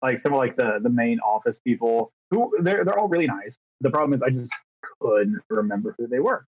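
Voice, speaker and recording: A man's voice: mid-range voice, animated, fairly quick, husky. A thirty-year-old man co-hosting a podcast, chatting casually in a rambling, self-deprecating way and acting out little exchanges. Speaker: podcast co-host. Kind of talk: casual chat. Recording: dull, dry lo-fi sound.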